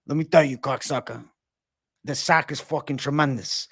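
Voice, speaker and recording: A man putting on an impression of a crude older male comedian, speaking low and rambling. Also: moderate pace, vocal fry, a bit bright, husky.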